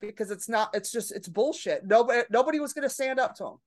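A woman's voice: fairly high pitch, fast. A woman comedian telling a story in a podcast conversation, brash and profane, acting out the people in it. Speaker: comedian guest.

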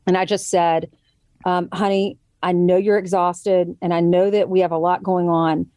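A woman's voice: fairly low pitch, little pitch movement, moderate pace, a little mellow, dry recording, clean studio sound. A woman in her thirties chatting as a guest and telling a parenting story, quoting others vividly as she goes. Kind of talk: casual chat.

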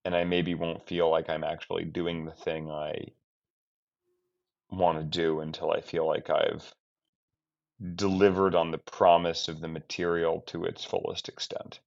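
A man who is a film director, giving a candid, reflective interview with halting speech, many restarts and trailing-off phrases. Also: deep voice, little pitch movement, creaky. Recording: dull lo-fi sound.

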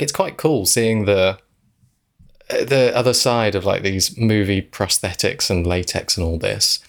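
A man co-hosting a casual film-review podcast, talking in animated, exasperated rants and swearing freely. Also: deep voice, vocal fry. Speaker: podcast co-host.

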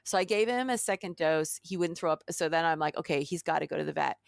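Gravelly-voiced woman telling a lively story. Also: low-pitched, quick pace, no room sound, studio quality. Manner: animated storyteller, acts out quotes. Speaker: podcast co-host. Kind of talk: casual chat.

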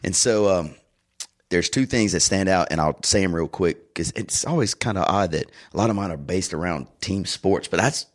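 Deep-voiced middle-aged man telling stories. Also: moderate pace. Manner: rambling, warm storyteller with restarts and asides. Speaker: podcast co-host. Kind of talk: casual chat, personal storytelling.

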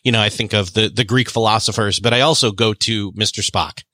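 A male podcast host chats casually and rambles with enthusiasm. His voice is fairly low yet bright and forward. The sound is close and dry. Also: steady tone, brisk, no room sound. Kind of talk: casual conversation.

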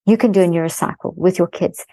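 A middle-aged woman, a guest expert in an interview, explaining a parenting method in fast-flowing, animated talk. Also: fairly low pitch, no echo, rough recording.

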